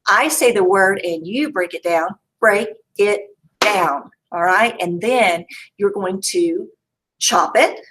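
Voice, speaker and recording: Woman, primary teacher, unhurried and sing-song, sounds out vowels for young learners. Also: medium pitch, fairly bright tone, slight background noise. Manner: slow, exaggerated sounding-out with playful reveals. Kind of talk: early-grade phonics lesson.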